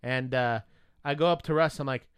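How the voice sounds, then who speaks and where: A man telling a story in casual chat, animated and profane, acting out both sides of a conversation. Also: medium pitch, moderate pace, clear, resonant tone, dry recording.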